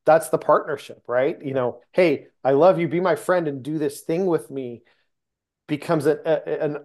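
A man's voice: a little high, normal speed, a little mellow. A man who is a guest on a faith podcast, talking earnestly and casually and often restarting his sentences as he looks for words.

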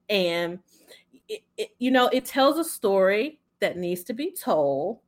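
A woman's voice: mid-range voice, very animated, measured pace. A woman co-hosting a casual chat podcast, playful and laughing often. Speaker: podcast co-host.

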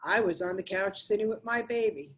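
A woman's voice: medium pitch, brisk, rough recording. A middle-aged woman giving an emphatic motivational talk to viewers and repeating phrases for effect. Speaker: motivational coach.

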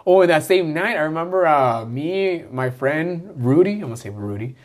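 A man's voice: fairly high pitch, animated, moderate pace. A man in his thirties telling a rambling, profane story in casual chat, acting out the voices of friends. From Southern California. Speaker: guest storyteller.

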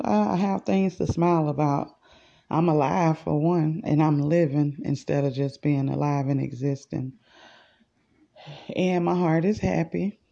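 A woman's voice: deep voice, creaky, dark tone, lo-fi sound. A woman hosting a podcast, rambling in a chatty, casual way as she speaks straight to her listeners. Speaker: podcast host. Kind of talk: casual spiritual monologue.

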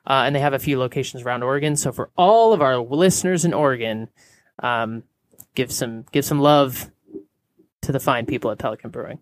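A man co-hosting a casual beer podcast, talking in a relaxed way with many fillers into a close microphone. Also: mid-range voice, no echo. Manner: laid-back, lots of filler words. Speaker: podcast co-host. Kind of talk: casual chat.

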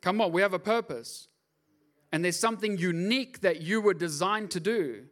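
Animated pastor, bright high voice. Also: male voice, moderate pace. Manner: animated, jokey, acts out voices. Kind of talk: lively sermon with humor.

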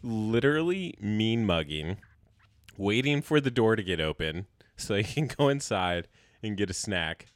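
A man's voice: lowish voice, big pitch swings, measured pace, dry recording, studio quality. A man co-hosting a podcast, cracking jokes and laughing often in casual chat. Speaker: podcast co-host.

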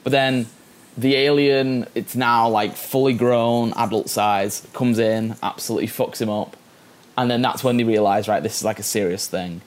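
A man's voice: medium pitch, steady tone, normal speed. A man co-hosting a podcast, casually recapping a film, rambling through restarts and fillers as he hunts for words, swearing and laughing as he goes. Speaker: podcast co-host.

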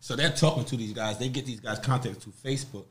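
A man's voice: mid-range voice, fast talker. A man from Harlem with a New York accent, a podcast guest telling rambling, profane stories in casual chat. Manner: animated, profane, rambling storyteller.

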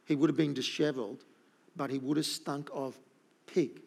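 A man's voice: mid-range voice, fairly even intonation, moderate pace, gravelly, a little mellow, slightly rough. A middle-aged man preaching a sermon, emphatic and repeating his key points. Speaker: pastor.

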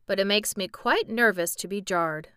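A woman voicing a gentle, agreeable male sawhorse who speaks mildly in a storybook reading. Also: mid-range voice, normal speed, smooth, no room sound, studio quality, lightly acted.

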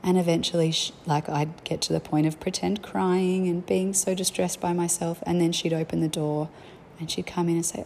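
A woman's voice: on the low side, flat delivery, normal speed, few pauses, mellow, slight background noise. A young woman, a mother, telling candid, reflective stories about family life in a chatty way. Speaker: parent sharing family life. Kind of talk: casual storytelling.

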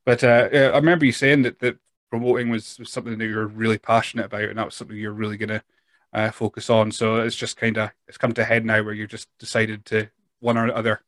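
A man's voice: fairly low pitch, little pitch movement, quick pace, a bit bright, dry recording. Male podcast host, casual and self-deprecating, dry close-miked read. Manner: rambling, self-deprecating, frequent restarts. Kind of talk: casual chat.

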